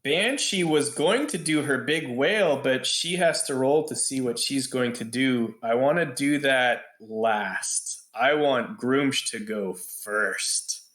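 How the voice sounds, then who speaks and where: A man's voice: medium pitch, slow, few pauses, a bit bright, roomy sound. A man running a tabletop game as game master, checking rules and asking his players questions.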